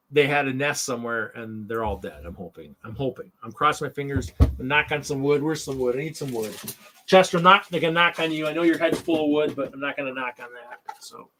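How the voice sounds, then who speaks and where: A man's voice: on the high side, a bit bright. A man hosting a live hobby stream in casual chat, ranting in an exasperated, sarcastic way and often repeating himself.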